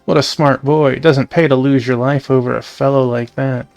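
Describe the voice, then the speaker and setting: A man reading the part of a cool adult assassin who speaks in a calm, measured, quietly threatening way. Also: medium pitch, vocal fry, no echo, natural voice. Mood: calm menace.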